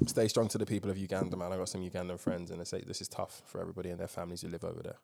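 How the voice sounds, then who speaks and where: A man's voice: low-pitched, flat delivery, rapid-fire, vocal fry, darkish tone. A man hosting a casual current-affairs podcast, telling a story emphatically with swearing and lots of ums. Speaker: podcast host.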